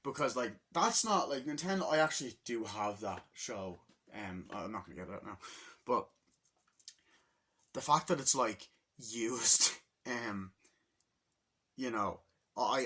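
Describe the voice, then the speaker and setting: A man's voice: fairly low pitch, animated, measured pace, pushed and bright. A man casually retelling a movie's opening scene by scene in a rambling, profane vlog review.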